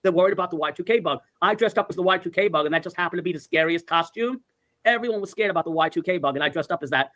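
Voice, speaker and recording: A man's voice: high-pitched, very fast, fairly bright tone. A man in his sixties telling rambling, profane stories in casual chat, full of "like" and "I go". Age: 60s. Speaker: storyteller. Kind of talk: casual storytelling.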